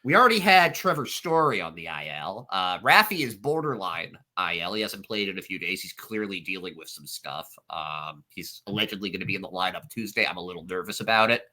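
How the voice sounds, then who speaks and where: A man's voice: low voice, animated, brisk, hardly any pauses, sharp tone. A man co-hosting a sports podcast, giving a matter-of-fact, detailed rundown. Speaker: podcast co-host. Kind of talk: casual sports chat.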